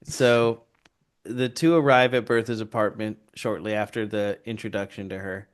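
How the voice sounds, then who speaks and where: Smooth-voiced man recapping a film. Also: on the low side, normal speed. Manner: profane, animated retelling with quoted voices. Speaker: podcast co-host. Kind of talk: casual recap chat.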